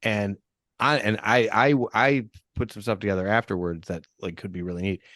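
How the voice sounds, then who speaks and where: A man's voice: on the low side, fairly even intonation, moderate pace, fairly bright tone, dry recording, clean studio sound. A man co-hosting a podcast, chatting casually about horror movies and restarting his sentences often. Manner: rambling, many restarts and fillers. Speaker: podcast co-host.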